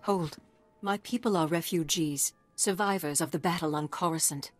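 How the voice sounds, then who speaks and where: A woman's voice: fairly low pitch, normal speed, soft background music, close to an everyday voice. An actress voicing a proud, solemn woman who leads war refugees in a video game. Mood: defiant.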